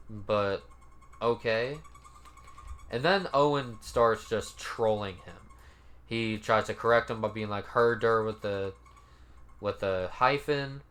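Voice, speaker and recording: A man's voice: mid-range voice, a bit bright. A man giving casual, laid-back commentary as he reads out comments, cursing now and then and sounding mildly incredulous. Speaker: commentary YouTuber.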